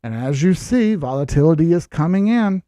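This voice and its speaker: A man hosts casual market commentary, explaining charts in a blunt, lecturing way. He drops sarcastic asides along the way. His voice is high for a man, and the sound is dry and close. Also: expressive, normal speed, mellow, no echo. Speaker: crypto chart analyst host.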